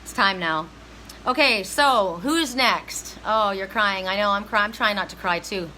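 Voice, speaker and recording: Bright-voiced woman psychic reader. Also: medium pitch, unhurried, a little hiss or hum, poor audio. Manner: emphatic, heartfelt, talks straight to viewers. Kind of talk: live-stream spiritual reading.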